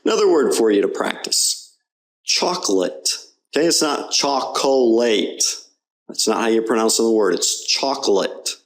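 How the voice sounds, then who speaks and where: A man's voice: fairly low pitch, sing-song, brisk. A man teaching English pronunciation, explaining patiently and over-enunciating words for learners to repeat. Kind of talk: slow, clear pronunciation lesson.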